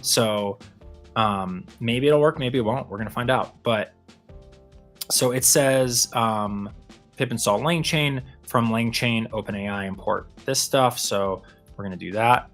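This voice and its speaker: Relaxed man coding live. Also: mid-range voice, measured pace, soft background music. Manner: relaxed, self-deprecating, explains as he goes. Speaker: co-host of a developer livestream. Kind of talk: casual chat while live coding.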